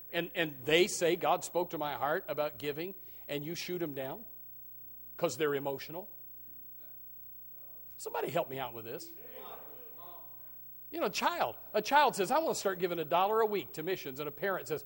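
Preacher guy going off in a sermon, high and all over the place, quiet then yelling. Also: expressive, a little fast, pauses often. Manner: impassioned preaching, swings from low murmurs to shouts. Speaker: pastor.

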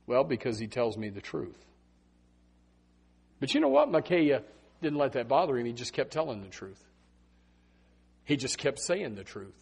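A man preaching a Baptist sermon, swinging from loud emphatic bursts to hushed asides. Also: medium pitch, very animated, moderate pace, creaky, pauses often, breathy edge.

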